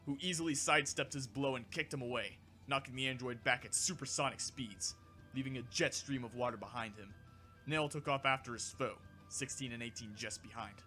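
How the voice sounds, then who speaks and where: A man narrating a fan audiobook in a steady, even storytelling manner. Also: mid-range voice, normal speed, faint music behind.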